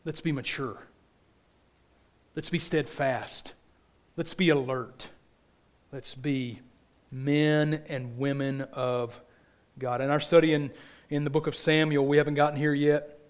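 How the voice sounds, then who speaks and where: A man preaching a sermon in a church, earnest and repetitive, often dropping soft at the ends of phrases. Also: a little high, steady tone, measured pace, long pauses. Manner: earnest, repeats phrases for emphasis, drops soft at line ends.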